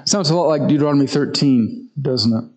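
A man with a mid-range, creaky voice preaches a conversational sermon at a brisk pace. He retells a story in a relaxed manner, frequently restarting his sentences, and the audio quality is poor.

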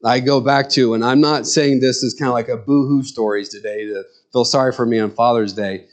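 A man's voice: medium pitch, steady tone, a little fast. A middle-aged man, a pastor, preaching a sermon in an earnest, conversational way with personal stories.

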